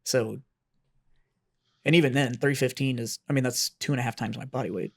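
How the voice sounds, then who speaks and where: A man co-hosting a podcast, talking loosely and rambling, with plenty of swearing. His voice sits at an ordinary middle pitch. He drifts between half-finished thoughts in relaxed, casual chat. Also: brisk. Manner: rambling, profane, trails off. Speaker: podcast co-host.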